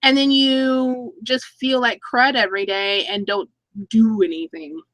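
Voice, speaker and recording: A chatty woman in her thirties hosts a casual live stream, reading viewer comments aloud and laughing as she talks. Her voice is bright and clear, sitting slightly high, and the sound is close and dry with no room echo. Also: steady tone, unhurried. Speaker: YouTube channel host.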